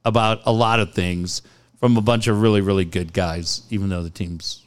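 A man in his forties hosting a talk radio show, telling blunt, animated stories with swearing and reading ads. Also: lowish voice, normal speed, clear, resonant tone. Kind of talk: casual sports talk and live ad reads.

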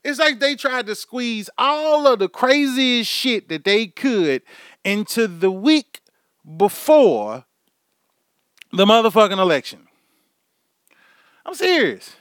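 A man's voice: very high-pitched, big pitch swings, takes it slowly, long pauses, a bit bright, clear, resonant tone, no echo, studio quality. A man hosting his own podcast, rambling through a swear-filled comic rant. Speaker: podcast host. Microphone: podcast microphone.

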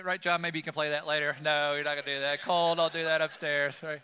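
A man's voice: fairly high pitch, steady tone, normal speed, sharp tone, clear, resonant tone, long reverb tail. A man preaching a sermon in a conversational style, with many fillers, in a church. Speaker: pastor. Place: church sanctuary.

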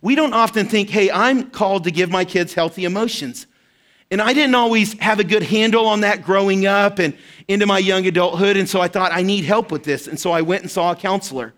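A man's voice: high-pitched, fairly quick, fairly bright tone. A man, likely in his thirties, preaching a sermon in a conversational, storytelling way, often checking in with "right?". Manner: conversational, personal storytelling with frequent "right?" asides. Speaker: pastor.

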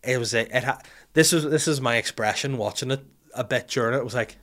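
A man's voice: mid-range voice, fast talker, a bit bright. A man with a Northern Irish accent hosting a casual, joking, sweary chat. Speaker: podcast host.

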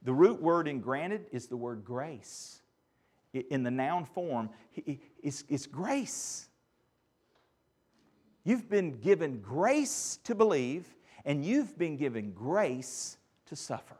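Animated preacher, swinging loud to soft. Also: male voice, slow pace, breathy edge. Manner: animated preaching, pitch and volume swinging from loud peaks to near-whispers. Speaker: pastor. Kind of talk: sermon.

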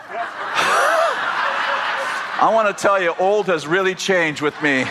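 A man preaching a sermon, animated and joking as he tells stories to his congregation. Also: sits high, drawn-out words, heavy background noise. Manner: animated, storytelling with humor and asides. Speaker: pastor.

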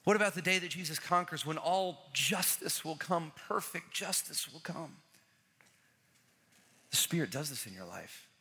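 A man preaching a sermon as pastor, animated and repeating key phrases, acting out the people in the story. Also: fairly high pitch, normal speed, breathy edge. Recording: large hall with long reverb.

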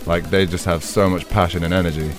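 A British man with a low, deep voice talks casually as a guest producer. He laughs often and swears freely. Faint music plays underneath. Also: level tone, quick pace. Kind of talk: casual interview chat.

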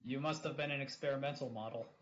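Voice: medium pitch, steady tone, quick pace, lo-fi sound. A speaker in a casual online chat, dropping wry one-line jokes.

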